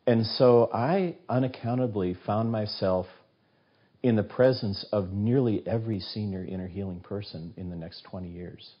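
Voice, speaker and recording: A man's voice: lowish voice, moderate pace, husky. A man in his sixties, a guest author on an interview show, telling stories with animation and acting out the voices of the people in them. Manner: animated storyteller who acts out quoted voices. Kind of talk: casual interview storytelling. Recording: dull, muffled recording.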